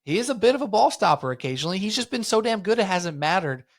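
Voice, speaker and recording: A man's voice: sits high, very animated, fast talker. A young man co-hosting a sports podcast, talking in a laid-back, slangy way with lots of "like" and "man". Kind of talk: casual sports chat.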